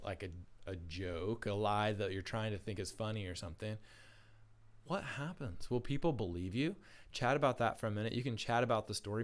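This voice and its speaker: A man at a school assembly telling a story to young children in a casual, animated way with lots of fillers. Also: fairly low pitch. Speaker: school staff presenter.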